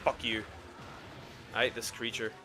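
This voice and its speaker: A young man streaming a game, chatting casually, cursing and yelling in bursts at the monster he fights. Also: mid-range voice, unhurried, over music. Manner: excitable, swears, yells at the game. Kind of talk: casual gaming commentary.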